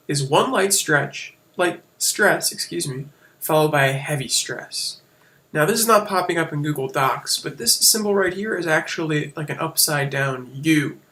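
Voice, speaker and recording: Bright-voiced man teaching a casual lesson. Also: on the high side. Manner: casual, explanatory, with fillers and self-corrections. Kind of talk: screen-share lesson on poetic meter.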